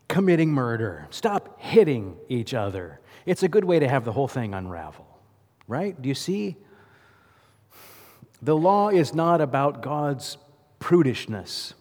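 In a church sanctuary, a male pastor preaches a conversational sermon, putting questions to the congregation. His voice is medium-pitched and darkish, with long hall reverb.

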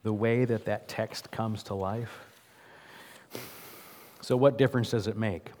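A man's voice: fairly low pitch, steady tone, measured pace, a little mellow. Man preaching a conversational sermon. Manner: conversational, asks the congregation questions. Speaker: pastor. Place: church sanctuary. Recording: long hall reverb.

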